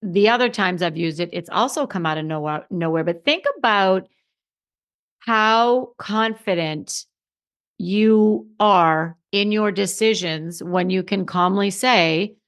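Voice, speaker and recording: A middle-aged woman, a confidence coach, talks through her solo podcast episode with an emphatic, conversational delivery. Her pitch sits in an ordinary middle range for a woman. She circles back, restarts sentences and leans on key phrases. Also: takes it slowly, fairly bright tone.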